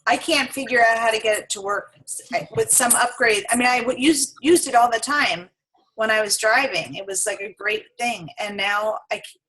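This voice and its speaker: A woman's voice: on the high side, moderate pace, fairly bright tone, rough recording. A woman on a casual team video call, asking questions with stumbling restarts. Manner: curious, laughing, stumbling restarts.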